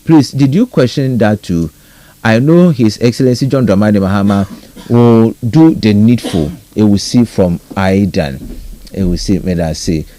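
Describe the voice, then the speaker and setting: A man with a Ghanaian accent hosting a live radio talk show and briskly reading out listener messages. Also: lowish voice, slight background noise. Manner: brisk, lively read-out with a rising greeting tone. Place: radio studio.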